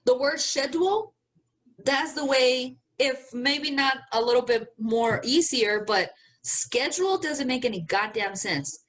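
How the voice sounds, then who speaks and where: A woman's voice: a little high, a little slow, few pauses, fairly bright tone. A woman from Mexico co-hosting a podcast, chatting casually, laughing often and swearing freely. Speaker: podcast co-host. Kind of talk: casual chat.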